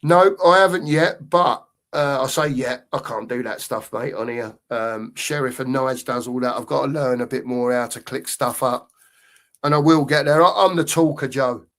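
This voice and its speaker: A man's voice: mid-range voice, moderate pace, a bit bright. A middle-aged man co-hosting a football fan channel, chatting loosely on a live stream and reading out viewer comments. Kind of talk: casual live-stream chat.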